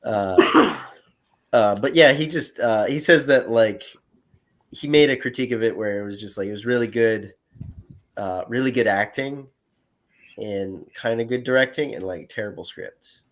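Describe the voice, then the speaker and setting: A man's voice: mid-range voice, moderate pace. A man around thirty, a guest calling into a livestream, talking casually with many fillers and restarts. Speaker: guest caller. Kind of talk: casual chat.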